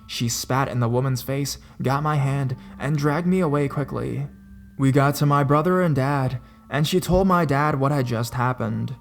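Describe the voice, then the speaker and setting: A man reading out a first-person horror story as narrator, in a steady storytelling manner. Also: medium pitch.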